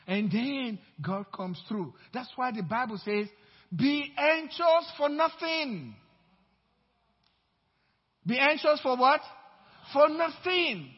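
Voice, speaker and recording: A male pastor preaching a sermon, emphatic, swinging between loud declarations and low asides, in a dull, reverberant church hall recording. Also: breathy edge. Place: church sanctuary.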